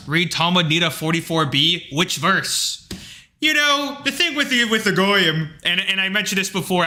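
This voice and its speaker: A man hosting a livestream, talking in a rambling, casual rant full of fillers and blunt asides. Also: a little high. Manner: rambling, filler-heavy, animated retelling; blunt, with occasional profanity. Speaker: livestream host.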